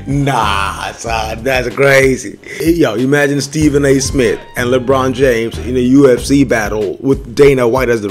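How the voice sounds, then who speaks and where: A young man hosting his own show, talking in a loose, casual monologue full of street slang and filler asides. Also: medium pitch. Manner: loose street slang, keeps tossing in "bro" and "son".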